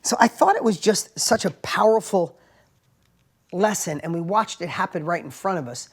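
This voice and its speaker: A man speaks in a casual motivational talk, telling stories in simple everyday language. His delivery is animated and emphatic, climbing into excited bursts and then dropping to quiet, confiding asides, with a habit of checking in with "right?". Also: high voice, normal speed. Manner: plain everyday wording, frequent "right?" tags. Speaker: motivational speaker and entrepreneur host.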